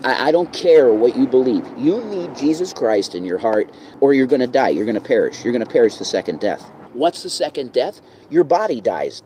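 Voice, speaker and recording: A man's voice: medium pitch, mellow, a little hiss or hum, poor audio. Rambling, profane preaching man outdoors. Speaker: reverend. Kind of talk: casual vlog rant.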